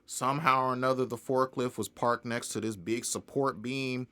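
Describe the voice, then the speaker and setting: A young man speaks as a guest in a casual interview, his voice bright and forceful. He tells his story in an animated way, laughing often and acting out what other people said. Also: medium pitch, normal speed. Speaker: independent music artist, guest.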